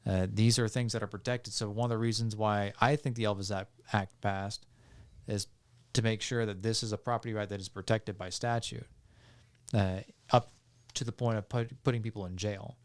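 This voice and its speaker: A man, a podcast guest, calmly explaining legal points step by step with frequent fillers and restarts. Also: lowish voice, normal speed, clean tone. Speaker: podcast guest on music law. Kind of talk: explanatory casual talk.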